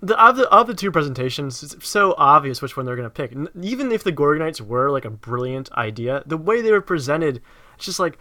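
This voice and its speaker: A man co-hosting a casual film discussion, animated and laughing as he talks. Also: fairly high pitch. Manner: animated, laughing, quick to agree. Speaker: podcast co-host.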